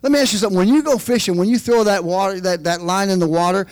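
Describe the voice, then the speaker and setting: A man preaching a sermon, calling for amens from the congregation and dropping into quiet asides. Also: sits high, steady tone, fast, clean tone. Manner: preaching with call-and-response, switches between quiet asides and raised emphasis. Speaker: pastor.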